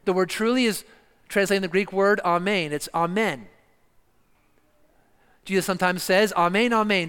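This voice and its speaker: A man preaching an expository sermon, emphatic and slowing down to stress key words. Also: high-pitched, fairly bright tone, clean tone. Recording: long reverb of a church hall.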